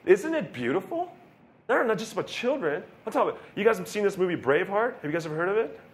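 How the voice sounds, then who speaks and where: Animated, chatty young male preacher. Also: sits high, fast. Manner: conversational, animated, asks the audience questions. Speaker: pastor. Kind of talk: casual sermon.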